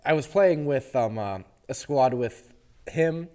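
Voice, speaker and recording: Relaxed rambling man, mid-range voice. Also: mid-range voice. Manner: relaxed, rambling anecdote with fillers and quick laughs. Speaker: podcast co-host. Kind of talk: casual gaming podcast chat.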